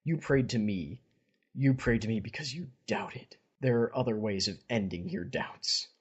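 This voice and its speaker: A man voicing a cold, unhinged angel goddess, speaking low and hushed, with a slightly husky voice. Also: unhurried, dull audio. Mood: cold, eerie.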